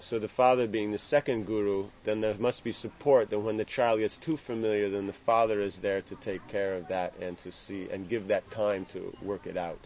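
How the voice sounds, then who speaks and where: A man with a fairly low voice gives an informal class on scripture. He talks haltingly, stopping and restarting his phrases and often leaning on "you know". The recording is dull and lo-fi, with a faint hiss of ambient noise behind him. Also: level tone, a little mellow. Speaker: religious teacher.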